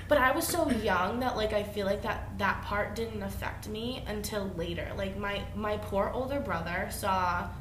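A young woman chatting as a podcast guest, full of fillers and quick laughs. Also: medium pitch, fairly bright tone, echoey room, a little hiss or hum, poor audio. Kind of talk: casual chat.

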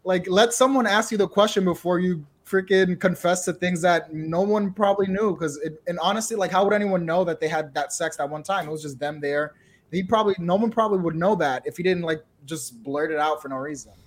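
Co-host, casual chat, blunt and amused, mid-range pitch. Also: a little fast. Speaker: podcast co-host.

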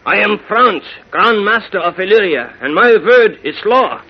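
A man's voice: high voice, animated, unhurried, slightly rough, exaggerated voice. A young man putting on a stiff, declaiming German accent in a 1940s radio drama. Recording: dull old radio recording from off-mic.

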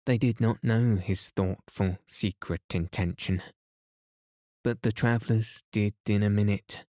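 A man reading a bedtime story aloud in a calm, soothing, unhurried way, as a sleep podcast host. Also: fairly low pitch, dry recording, clean studio sound.

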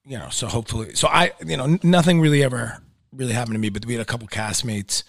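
A man from New York City in casual chat, talking in a relaxed, rambling way. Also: medium pitch, fast, creaky, no echo, clean studio sound.

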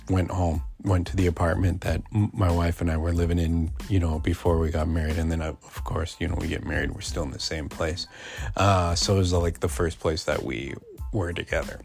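A man's voice: low voice, a little mellow. A man in his forties telling a personal story in a casual, rambling way, full of fillers and restarts. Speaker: podcast host.

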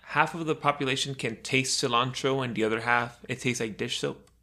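A man's voice: medium pitch, steady tone, a little fast, sharp tone. A young man co-hosting a podcast in casual chat, teasing and asking blunt questions. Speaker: podcast co-host.

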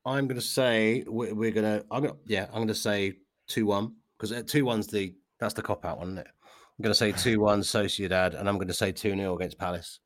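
A man co-hosting a casual football podcast, talking in halting restarts. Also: on the low side, steady tone, fairly bright tone, no room sound, studio quality. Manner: hesitant restarts, chatty. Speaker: podcast co-host.

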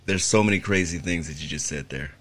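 A man's voice: sits low, fast, a bit bright. A man from Southern California talking in casual, laid-back podcast chat, full of fillers and swearing. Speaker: podcast co-host.

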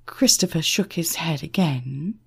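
This woman reads an audiobook at a relaxed pace in a husky, breathy, low voice. She tells the scene with lots of pitch movement, in a slow, animated storytelling style.

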